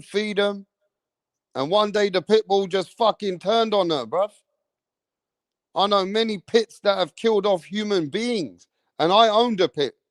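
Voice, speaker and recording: A man, hosting a live stream, telling rambling stories in an animated way, swearing often and tagging lines with "bruv". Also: sits high, no echo, clean studio sound. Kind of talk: rambling storytelling.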